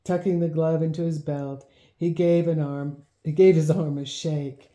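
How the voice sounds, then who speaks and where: A woman narrating a children's storybook in a measured, gently expressive reading. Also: low-pitched. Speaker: audiobook narrator. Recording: roomy echo.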